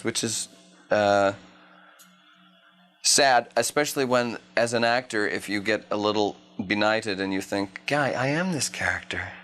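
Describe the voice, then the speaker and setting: A man in his thirties with a lowish voice answers questions as an actor at a press junket. He speaks wryly, rambles, and trips over restarts as he works his way through each answer. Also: a bit bright. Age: 30s. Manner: wry, rambling, stumbles and restarts. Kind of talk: casual interview answers.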